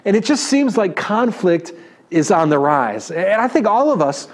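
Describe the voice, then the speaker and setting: A man in his thirties with a New York accent, preaching a sermon and telling a story in an animated way, often checking in with the congregation. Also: high voice, moderate pace. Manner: animated, talks to the audience with "right?". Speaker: pastor.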